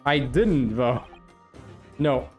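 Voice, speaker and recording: A man reading the lines of a bewildered young male student, halting and confused. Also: medium pitch, expressive, darkish tone, faint music behind.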